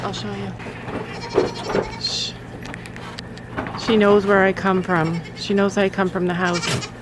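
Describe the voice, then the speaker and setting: A woman's voice: mid-range voice, level tone, slow. A woman vlogging on her farm, chatting to viewers and coaxing her goats as she tends them. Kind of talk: casual vlog talk to camera. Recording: outdoor farm noise. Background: goats bleating.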